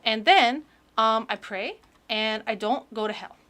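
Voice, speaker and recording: A sweet, earnest little girl reads a storybook aloud in a sing-song, stumbling way, as a woman puts the voice on. The voice sits fairly high, and it comes out bright and loud. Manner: sing-song, halting, with childlike mispronunciations. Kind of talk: reading a children's book aloud in character.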